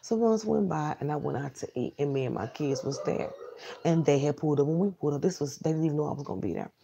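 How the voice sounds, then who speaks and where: A woman's voice: deep voice, fast talker, creaky, dull audio, noisy background. A woman telling a personal story casually, in a blunt, emphatic, profane way.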